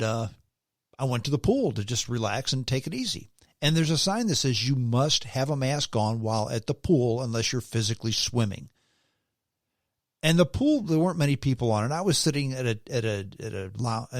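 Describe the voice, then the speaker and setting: A man hosting a podcast in casual chat, telling a story in a relaxed, conversational way. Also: mid-range voice, dry recording, studio quality. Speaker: podcast host.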